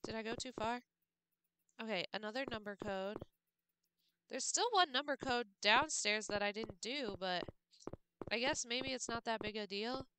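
A woman's voice: fairly high pitch, moderate pace, pauses often, background noise. A woman streamer muttering and thinking aloud while puzzling through a game. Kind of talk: casual gameplay commentary.

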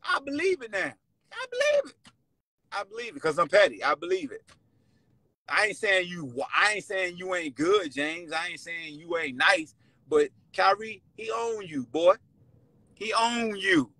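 A man hosting a sports podcast with a Virginia accent, taunting and shouting at players in casual trash talk. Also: high voice, unhurried, gravelly, no echo, poor audio. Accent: Virginia (757 area). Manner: loud, taunting, animated, shouts and laughs. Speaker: podcast host.

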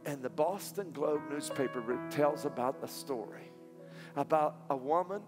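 A man with a Southern accent preaching a sermon, moving from quiet storytelling to loud, emphatic climaxes. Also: fairly high pitch, moderate pace. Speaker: pastor. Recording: long hall reverb with faint music.

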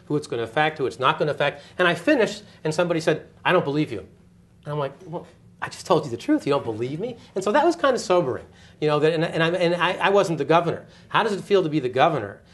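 An older man giving an oral history interview, telling stories with energy and acting out the people he quotes. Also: fairly high pitch. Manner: animated storyteller, quick, acts out quoted voices with laughs. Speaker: interviewee, former communications director. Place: office interview setting.

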